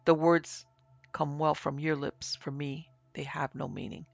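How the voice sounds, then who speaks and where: A man voicing a fanatical, gravelly priest. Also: a little high, expressive, unhurried, dry recording, exaggerated voice. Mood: exultant. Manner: shrieking and wild, then cold and curt. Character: fanatical priest, man, mad with joy and then cold. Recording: dry, dull lo-fi recording.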